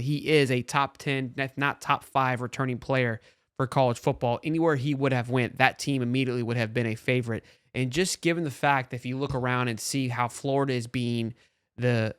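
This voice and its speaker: A man hosting a sports talk show, talking in a casual, animated way with frequent restarts. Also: medium pitch, clear, resonant tone, no room sound, clean studio sound. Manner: animated, talks fast with restarts.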